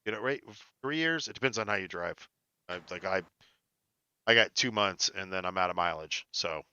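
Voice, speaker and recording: An American man co-hosts a casual podcast, talking about stocks and cars. His voice is bright and forceful, his delivery animated and full of jokes. The sound is dry and a little dull. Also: deep voice, normal speed, clean tone, no echo. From United States. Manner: animated, jokey, laughs often. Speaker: podcast co-host.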